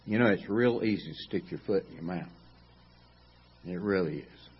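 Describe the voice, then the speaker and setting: A man preaching a sermon in a folksy, animated way, repeating phrases for emphasis. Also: low-pitched, normal speed, husky, highs cut off.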